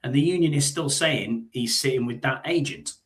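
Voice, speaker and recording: A man's voice: medium pitch, moderate pace. Chatty male sports-show host. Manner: chatty, rambling, with frequent fillers and repeated "mate". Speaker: podcast host. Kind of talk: casual live-stream sports chat.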